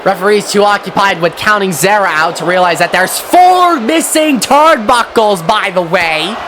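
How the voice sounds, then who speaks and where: A man doing excitable, sweary play-by-play commentary on a wrestling match, often shouting at the action. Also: high-pitched, normal speed, background noise. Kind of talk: play-by-play video game commentary.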